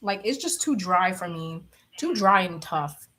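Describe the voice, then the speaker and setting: A woman's voice: on the low side, animated, unhurried, a bit bright. Blunt, chatty young woman livestreamer. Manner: chatty, blunt, laughs often. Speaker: livestreamer reading chat. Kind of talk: casual chat.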